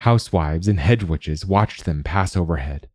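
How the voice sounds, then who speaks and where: A man reading a fantasy story aloud in a measured, deliberate way as a podcast narrator. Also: low-pitched, dry recording, studio quality. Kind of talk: scripted narration.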